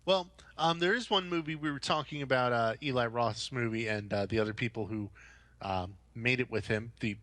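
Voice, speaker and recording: A young adult man co-hosting a horror movie podcast, talking casually in a rambling, animated way. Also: mid-range voice, brisk, no echo. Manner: rambling, animated storytelling with mock-quoted voices. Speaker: podcast co-host. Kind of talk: casual chat.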